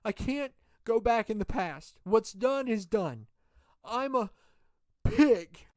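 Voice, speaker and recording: A woman's voice: on the high side, lively intonation, slow, a little mellow, dry recording. A woman voicing a sheepish married man caught cheating, in a wrestling game role-play, stammering and pleading. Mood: humiliated.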